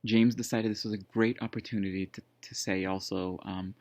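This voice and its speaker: A man's voice: lowish voice, fairly even intonation, moderate pace, darkish tone, no room sound. Rambling man telling a story, dull lo-fi. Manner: rambling, many fillers and restarts. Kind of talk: casual storytelling. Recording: dull lo-fi dry sound.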